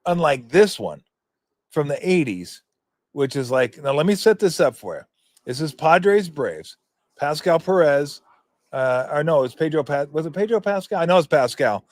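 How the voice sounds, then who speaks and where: A man's voice: on the high side, very animated, moderate pace, darkish tone, no room sound. A man in his fifties hosting a sports talk show, commenting in a rambling, joking, profane way. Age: 50s.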